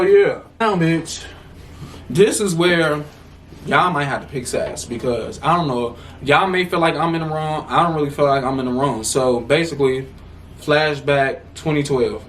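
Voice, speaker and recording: A young man in his twenties with a somewhat high voice talks straight to camera in a storytime vlog, blunt and heavily profane. He sounds a bit off from the mic, and a faint hiss of room noise sits under his voice. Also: recorded from a distance. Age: 20s. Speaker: vlogger. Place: room at home.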